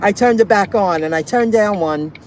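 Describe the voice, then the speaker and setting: A woman's voice: medium pitch, moderate pace, a little mellow, slight background noise. Indignant woman venting in her car. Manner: indignant, venting, repeats herself. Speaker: delivery driver vlogger. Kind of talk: casual ranting vlog.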